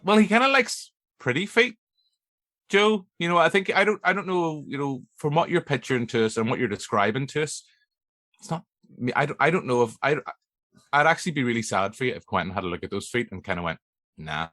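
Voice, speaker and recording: A man's voice: medium pitch, expressive, fairly quick, bright, forceful tone, dry recording, studio quality. A man with a Northern Irish accent hosting a movie podcast, chatting casually in a jokey, rambling way with many fillers. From Northern Ireland. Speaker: podcast host. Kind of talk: casual chat.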